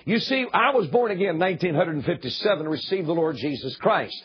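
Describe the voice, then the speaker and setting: A man's voice: a little high, expressive, a little fast, slight background noise. An older man preaching a sermon in a church, emphatic and pleading, repeating words for stress. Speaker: guest preacher. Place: church building. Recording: dull lo-fi sermon recording.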